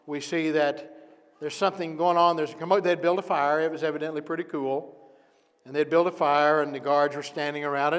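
A man's voice: a little high, big-room sound. A man preaching a sermon as pastor, telling the story dramatically and acting out each character's words. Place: church sanctuary.

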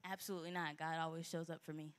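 Fast-talking young woman testifying. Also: low-pitched, level tone. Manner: rapid, chatty storytelling with quoted dialogue. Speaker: church member giving a testimony. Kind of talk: spoken testimony. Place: church sanctuary.

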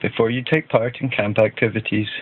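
A man voicing a calm, matter-of-fact camp doctor in a storybook, plain and reassuring. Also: fairly low pitch, a little fast, a little hiss or hum, lightly acted. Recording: tinny phone-like band.

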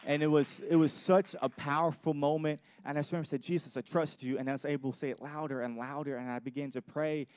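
A man's voice: on the high side, fairly even intonation, fast talker, hardly any pauses, darkish tone, smooth. A young adult man pastor giving an earnest sermon with personal testimony, often repeating and restarting his phrases. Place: church.

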